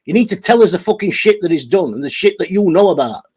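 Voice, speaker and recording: A man's voice: sits high, lively intonation, fast, darkish tone, husky. A man ranting angrily on a livestream, swearing heavily and over-caffeinated. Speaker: channel host reading live chat. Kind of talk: angry livestream rant.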